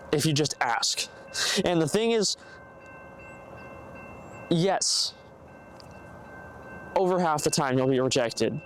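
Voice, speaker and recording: A young man hosting a casual solo podcast, giving earnest, rambling advice and acting out hypothetical conversations. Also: on the high side. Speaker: podcast host. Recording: faint background noise, bad mic.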